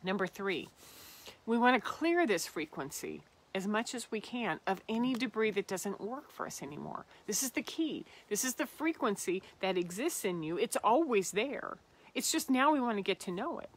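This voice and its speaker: Hosting a spiritual self-help podcast, a woman speaks earnestly and reflectively, often dropping to a whisper on tender phrases. Her voice is medium in pitch and sing-song, at a moderate pace.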